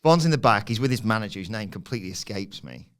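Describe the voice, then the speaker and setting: A man on a podcast, recapping a wrestling show and acting out quotes with loud shouts and laughs. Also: fairly low pitch, expressive, quick pace, clear, resonant tone. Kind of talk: casual chat.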